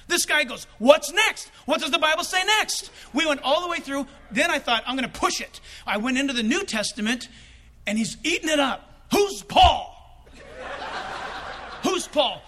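A man preaching, telling a personal story with lively acted-out dialogue. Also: extremely high pitch. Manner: storytelling with acted-out quotes, bursts of laughter. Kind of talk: animated sermon anecdote.

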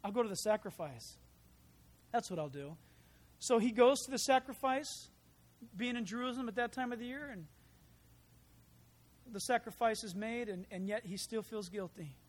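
Man, pastor, sermon, animated, very high voice for a man, conversational asides.

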